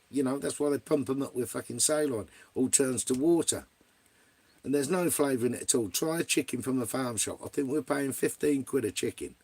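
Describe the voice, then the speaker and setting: Gravelly, husky English man. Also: mid-range voice, darkish tone. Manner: blunt, rambling, heavy swearing. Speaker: vlogger. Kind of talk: casual livestream chat, answering viewers.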